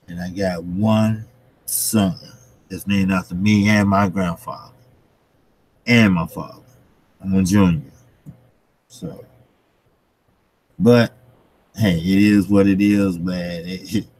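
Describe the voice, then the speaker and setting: A man's voice: low-pitched, poor audio. A middle-aged man hosting his own channel, chatting loosely to his viewers with lots of fillers and laughs. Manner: loose and rambling, many fillers, laughs often. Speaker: channel host. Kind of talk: casual chat to camera and viewers.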